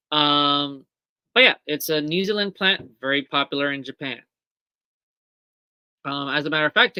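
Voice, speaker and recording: Chatty woman host, bright and clear. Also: low-pitched, no echo. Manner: chatty, many ums and self-corrections. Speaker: shop host on a livestream. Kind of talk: casual live product walkthrough.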